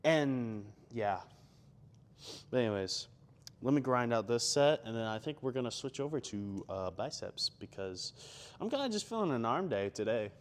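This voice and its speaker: A man's voice: medium pitch, big pitch swings, moderate pace. A young man chatting casually between gym sets, rambling with lots of fillers and self-deprecating asides. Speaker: gym vlogger.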